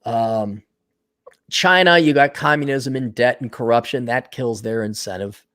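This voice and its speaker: A middle-aged podcast host, just woken up, rants casually on a solo show and reads listener donations. He's blunt and sardonic, swears a lot, and laughs at his own jokes. His medium-pitched voice is fairly bright and unhurried.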